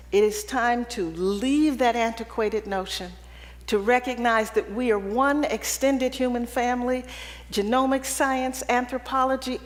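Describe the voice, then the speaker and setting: A high-voiced woman delivers a keynote in a reverberant event hall before an audience. She blends personal storytelling with humor, keeping things conversational and often asking "right?".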